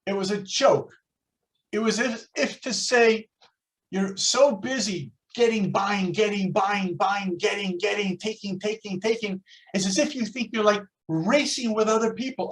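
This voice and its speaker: A man's voice: high voice, unhurried. An older American man teaching a Torah class over a video call, telling stories and acting out the people in them. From United States. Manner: storytelling, lively, acts out quoted voices. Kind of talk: online class lecture.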